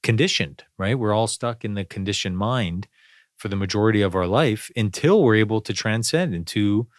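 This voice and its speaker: This podcast host, a man with a lowish voice, muses through a relaxed spiritual chat, often restarting sentences and leaning on fillers. The recording is dry and of studio quality.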